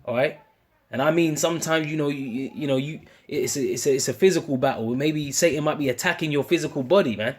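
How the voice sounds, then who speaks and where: A man's voice: a little high, quick pace. A British man preaching an informal sermon, speaking in casual slang with many restarts and ending phrases with "man". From United Kingdom. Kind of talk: informal street-style sermon.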